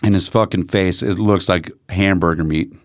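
A man's voice: low-pitched, normal speed, no echo, studio quality. A man telling profane stories in casual chat, acting out what people said. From United States. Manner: profane, animated storyteller acting out quotes. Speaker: podcast guest. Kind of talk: casual storytelling.

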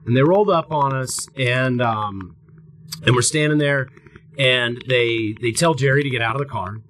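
A man's voice: mid-range voice, moderate pace, a bit bright, a little hiss or hum, poor audio. A man co-hosting a podcast, telling a long story in a casual, rambling, profane way and acting out what people said. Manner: rambling, profane, acts out quotes. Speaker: podcast co-host.

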